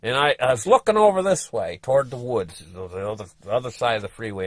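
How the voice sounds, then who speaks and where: A man's voice: medium pitch, expressive, fairly quick, no room sound. Folksy man telling a rambling story. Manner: rambling, folksy, with many restarts and asides to viewers. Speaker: travel vlogger. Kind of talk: casual storytelling.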